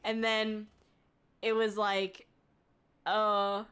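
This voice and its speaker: A woman's voice: medium pitch, little pitch movement, extremely slow, fairly bright tone, smooth. A young adult woman VTuber streaming, chatting casually and reading chat aloud, giggling often and rambling with fillers.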